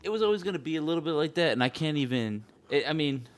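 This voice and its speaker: This podcast co-host talks fast in a fairly high-pitched voice, animatedly telling a story during a casual chat. Along the way he mimics other people and drops casual swears.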